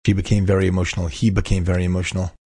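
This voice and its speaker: A man's voice: sits low, little pitch movement, very fast, mellow, slightly rough, no room sound. A man telling an inspirational story, emphatic and repeating key phrases for effect. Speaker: inspirational speaker.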